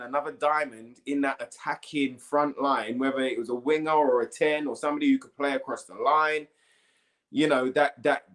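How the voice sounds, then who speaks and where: A man of medium pitch rambles through his views in a casual football podcast chat. He keeps checking that the others follow him and circles back to his point. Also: fairly bright tone. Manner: rambling, keeps asking "do you know what I mean". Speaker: pundit guest.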